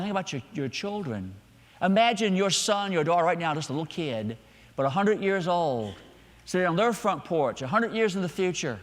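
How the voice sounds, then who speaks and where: A middle-aged male pastor preaching a sermon, swinging between loud emphatic lines and quiet, hushed ones. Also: high voice, big pitch swings, moderate pace, long reverb tail. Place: church sanctuary.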